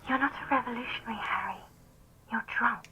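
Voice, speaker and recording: A woman voicing a drowsy woman answering a late-night phone call, soft and wary. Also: fairly high pitch, brisk, gravelly, slight background noise.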